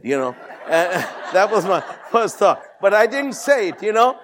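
A pastor in his sixties telling a testimony in a sermon, animated, rising high when he quotes others. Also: unhurried, slight background noise.

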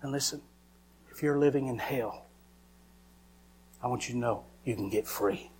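A man tells his story from the pulpit in a testimony sermon. His voice sits at an ordinary middle pitch, and he delivers it as dramatic storytelling that now and then sinks to a hush. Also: normal speed, husky. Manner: dramatic storytelling, acting out his own cries. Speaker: preacher.

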